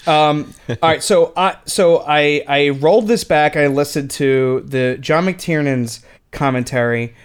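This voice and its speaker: A man's voice: a little high, a little slow, clean tone. Rambling man chatting about films. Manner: rambling, with many restarts and retold quotes. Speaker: podcast co-host. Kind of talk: casual film commentary chat.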